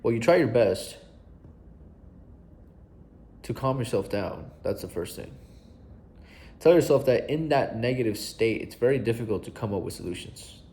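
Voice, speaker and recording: A man's voice: medium pitch, lively intonation, moderate pace, pauses often, a little mellow. A young adult man coaching viewers in a casual vlog, earnest and blunt, swearing casually and repeating himself for emphasis. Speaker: self-help coach.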